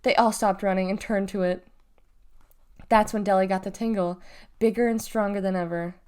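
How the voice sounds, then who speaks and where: A woman reading a children's novel aloud in a lively, expressive storytelling manner. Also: mid-range voice, normal speed, clear, resonant tone. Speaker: reader.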